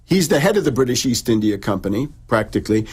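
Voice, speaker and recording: A man's voice: mid-range voice, sing-song, quick pace, slightly rough. A middle-aged man, an in-studio guest, lecturing on history in a radio interview, restarting and repeating words as he goes. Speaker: in-studio guest author and researcher.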